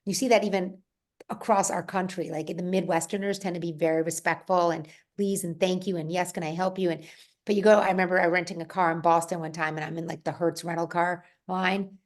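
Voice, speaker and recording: A woman from Rhode Island talking casually on a podcast, telling stories with lively restarts. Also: fairly low pitch, fairly quick. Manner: animated storytelling, frequent restarts and laughs. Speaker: podcast guest or co-host. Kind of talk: casual conversational podcast talk.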